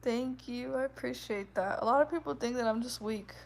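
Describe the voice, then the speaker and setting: A woman in her twenties chatting casually with her viewers, with a soft, gentle voice and a giggly, rambling way of talking that is full of "like". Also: fairly high pitch, fairly quick, gravelly. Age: 20s. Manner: chatty, giggly, fills speech with "like". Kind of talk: casual livestream chat.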